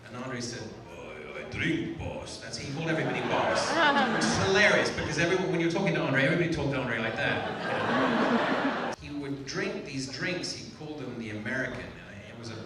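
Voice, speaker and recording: Man, raconteur, animated and chuckling, lively pitch, echoey distant noisy recording. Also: fast talker. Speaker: guest speaker at a screening. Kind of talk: anecdote told to a live audience. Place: theater.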